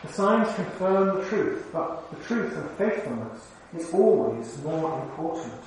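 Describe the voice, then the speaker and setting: High-voiced male preacher in echoey church. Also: big pitch swings, unhurried, a little hiss or hum. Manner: conversational, asks the congregation questions. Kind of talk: sermon. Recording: very echoey hall, mic far off.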